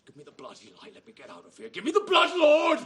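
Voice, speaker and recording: A man's voice: extremely high pitch, huge pitch swings, quick pace, creaky, a bit bright, exaggerated voice. An actor playing a ruthless middle-aged oilman who repeats a confession grudgingly, then breaks into raw screams, in a film drama. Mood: desperate.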